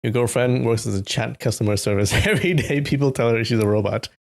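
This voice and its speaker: A man with a mid-range, creaky voice talks fast while hosting a live stream where he reads a novel. He chats casually with viewers, greets them by name, and throws in animated asides.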